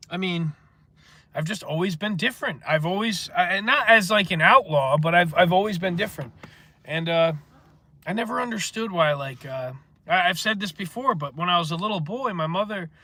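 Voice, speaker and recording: Bright-voiced stuffy-nosed man rambling earnestly. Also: high voice, lively intonation, normal speed, pauses often, dry recording. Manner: earnest, meandering, heavy with filler words. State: stuffy nose. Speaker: livestream host reading viewer comments. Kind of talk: rambling casual monologue.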